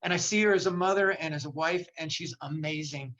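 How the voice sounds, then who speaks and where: Speaking over a video call, this older motivational speaker gives a fervent talk at a virtual seminar and keeps repeating phrases to drive his points home. His voice is a little high and a bit bright, and he talks briskly. The audio sounds dull.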